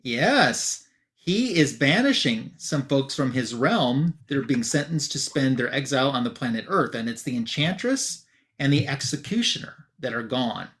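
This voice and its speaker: A man of middle pitch retells a comic issue for a review show in a loose, chatty way. He strings plot points together with fillers and small jokes, in an even, unpolished manner. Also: moderate pace.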